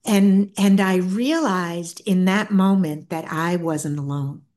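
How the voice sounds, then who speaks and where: This is a middle-aged woman with a somewhat low voice, telling her own story as an interview guest. She talks softly and earnestly. Her thoughts often break off and restart. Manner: soft-spoken, earnest, halting with many restarts. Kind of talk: reflective personal storytelling.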